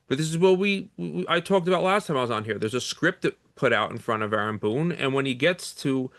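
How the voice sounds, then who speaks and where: A man's voice: mid-range voice, animated, a little fast, few pauses, fairly bright tone, no echo. Male co-host, mid-range voice, frustrated rambling chat, dry close mic. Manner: frustrated, rambling, casual swearing. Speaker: podcast co-host. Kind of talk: sports talk podcast.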